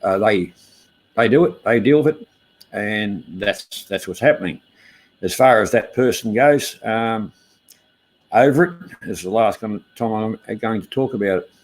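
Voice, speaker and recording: A middle-aged man hosts a casual livestream chat. He talks haltingly, with many fillers and restarts, and greets viewers by name as they join. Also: lowish voice, expressive. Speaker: livestream host. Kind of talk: casual live-stream chat.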